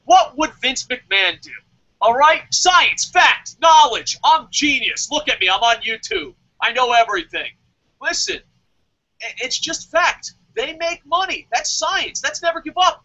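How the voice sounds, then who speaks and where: A man playing a loud, sarcastic wrestling superfan who rants and swears heavily, on a dull lo-fi recording. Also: very high-pitched, heavily acted. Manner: ranting, sarcastic, heavy swearing. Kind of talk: comedic rant in character. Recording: dull lo-fi audio.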